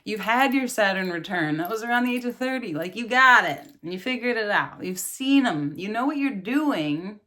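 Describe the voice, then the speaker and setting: A woman's voice: mid-range voice, lively intonation, normal speed, hardly any pauses, sharp tone. A woman in her thirties, a yoga and meditation teacher, giving an earnest, casual spiritual talk and laughing often.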